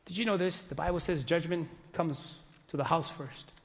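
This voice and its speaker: A man preaching a sermon as pastor, swinging from loud exhortation to hushed, earnest pleading. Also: a little high, moderate pace, gravelly, big-room sound. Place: church sanctuary.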